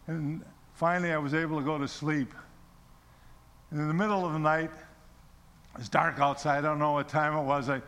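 A middle-aged man with a fairly high, fairly bright voice gives a sermon testimony that sounds like it's in a big room. He tells his own story, repeats words, and asks the congregation questions.

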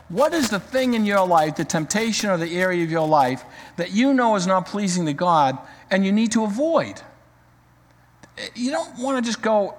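A man's voice: on the high side, in a large hall. A man preaching a sermon as pastor, direct and urging his listeners.

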